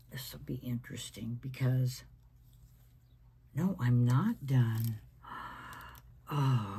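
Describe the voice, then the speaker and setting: A woman talks viewers through her painting in a hoarse voice that keeps slipping into a whisper. Her delivery is slow and unhurried, with a gravelly, creaky edge. She murmurs friendly asides as she works. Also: very deep voice, mellow, slight background noise. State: losing her voice. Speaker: craft video host. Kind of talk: painting tutorial chat.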